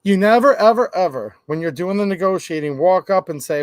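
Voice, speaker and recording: A gun rights commentator with a high, lively voice delivers a sarcastic opinion monologue on gun laws at a slightly fast pace, acting out both sides of imagined conversations. The recording is dry.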